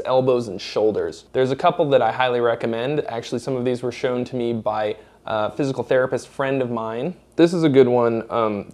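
A man's voice: medium pitch, darkish tone. A man from Massachusetts with no regional accent, hosting a casual viewer Q&A and talking bluntly and profanely. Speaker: host answering viewer questions. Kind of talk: casual Q&A chat.

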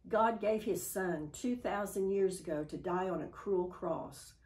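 A woman giving a church devotional, reading a story aloud in a calm, measured way. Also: medium pitch, low-quality recording.

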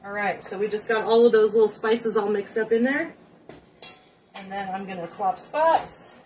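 A woman's voice: mid-range voice, normal speed, darkish tone. Rambling cooking show lady in her home kitchen, jokey asides, mic kinda far off, light hum behind. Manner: chatty, rambling, joking asides to viewers. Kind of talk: casual cooking demonstration. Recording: distant mic with faint background noise.

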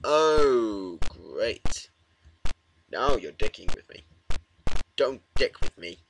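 A man's voice: medium pitch, sing-song, drawn-out words, gravelly, slight background noise, poor audio. A man playing a horror game and commenting, jumpy and swearing, talking back to the game at a desk mic. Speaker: gamer.

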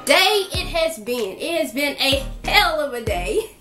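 A woman's voice: high voice, big pitch swings, a little slow, reverberant, music in the background. A woman hosting a reaction channel, talking casually and playfully and breaking into laughter often.

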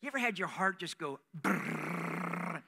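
A male preacher telling a story in a sermon. He is animated and acts out sounds with his voice. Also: high-pitched, measured pace, vocal fry, slightly rough. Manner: animated, with vocal sound effects.

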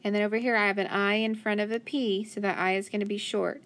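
A woman's voice: medium pitch, flat delivery, a bit bright. A woman teaching a children's phonics lesson, patiently sounding out syllables and praising answers. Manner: slow, patient, sounding words out. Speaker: reading teacher.

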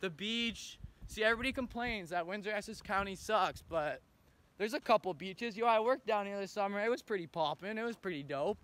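A young Canadian man vlogs casually on his phone, held at arm's length, while outdoors and in a car. His voice is high-pitched and a bit bright, with lively intonation and a slightly fast pace, and his laid-back, rambling chat is full of slang.

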